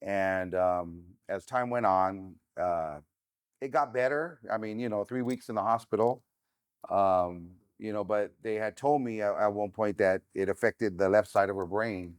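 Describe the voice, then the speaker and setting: A man's voice: fairly low pitch, unhurried, smooth, dry recording, clean studio sound. A middle-aged man, a podcast guest, telling a personal story frankly and without a filter, with many "um"s and "you know"s. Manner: unfiltered and frank, with many fillers.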